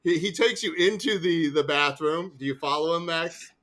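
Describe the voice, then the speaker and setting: A man's voice: a little high, normal speed, a bit bright. A man playing a tabletop role-playing game, improvising in character in a playful, stammering way. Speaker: player.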